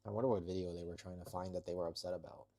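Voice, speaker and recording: A man's voice: low-pitched, little pitch movement, very fast, dark tone. A man live-streaming from his home, chatting casually with viewers while working out and scolding his cats. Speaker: livestreamer. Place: home, kitchen corner.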